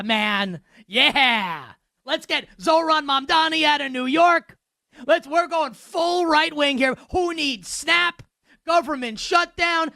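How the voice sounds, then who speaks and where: A man's voice: very high voice, bright, forceful tone, dry recording, clean studio sound, voice pushed up, full character voice. A man putting on a mocking impression of an older male football coach, sarcastic and smug.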